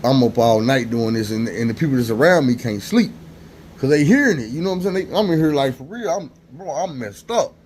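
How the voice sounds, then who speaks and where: A man telling a personal story in a casual, animated monologue full of slang and repetition. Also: medium pitch, brisk, a little hiss or hum.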